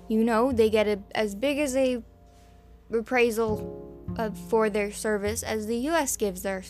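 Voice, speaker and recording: A woman with a Southern American accent reads news stories, stumbling over names and adding sarcastic asides. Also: medium pitch. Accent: American Southern, slipping in. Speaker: podcast host reading news. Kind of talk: casual news commentary.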